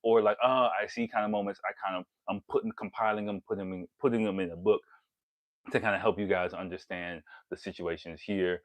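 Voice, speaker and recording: A man's voice: lowish voice, steady tone, brisk, dry recording. A man giving frank, rambling dating advice to camera, laughing and breaking off mid-thought. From lives in Japan. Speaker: vlogger on dating in Japan. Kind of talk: casual talk to camera.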